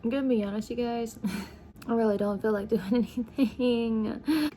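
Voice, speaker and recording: A woman's voice: a little high, moderate pace, mellow, a little hiss or hum. A young woman, chatting casually in a vlog from her car and room, tired and laughing often, with lots of fillers. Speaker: vlogger. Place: in her car, then at home.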